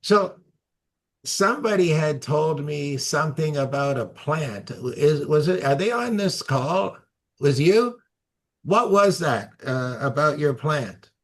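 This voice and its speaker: A man leading a relaxed group chat over a video call. He is laid-back and friendly and laughs easily as he asks others to speak. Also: a little high. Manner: easygoing, quick to laugh.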